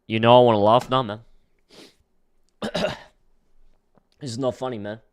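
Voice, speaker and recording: A young man streaming, reacting to clips with casual commentary that swings from muttered asides to shouted, swearing outbursts. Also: mid-range voice, measured pace, clean tone, dry recording, clean studio sound.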